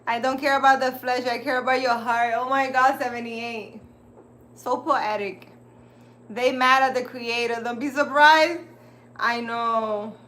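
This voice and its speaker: A woman's voice: a little high, steady tone, unhurried, fairly bright tone. A woman hosting a casual livestream, rambling and chatty as she talks straight to her viewers. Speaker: livestream host.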